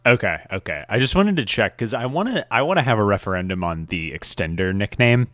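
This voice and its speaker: A deep, low-voiced man co-hosting a sports podcast, talking in a laid-back way with frequent laughs and casual swearing. The sound is close and dry, with no room around it. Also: big pitch swings, fairly quick, fairly bright tone, no echo. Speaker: podcast co-host.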